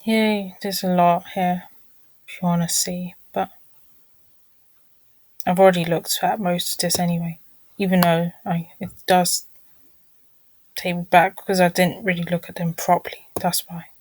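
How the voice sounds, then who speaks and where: Low, flat-voiced woman vlogger. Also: unhurried, long pauses, rough recording. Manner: apologetic, mutters irritated asides under her breath. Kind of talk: casual screen walkthrough.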